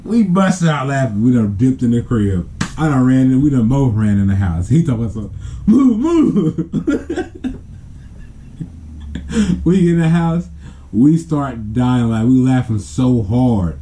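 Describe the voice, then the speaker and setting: A man vlogger telling a family story to camera in a casual, animated way, laughing often and acting out the sounds. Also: mid-range voice, moderate pace.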